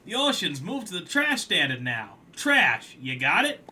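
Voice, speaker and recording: A man's voice: sits high, very animated, unhurried, sharp tone, a little hiss or hum, pitched above the performer's own voice, exaggerated voice. A man doing a pushy New York crab taxman. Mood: impatient, bossy. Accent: New York put-on. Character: gruff male crab tax collector, impatient bully.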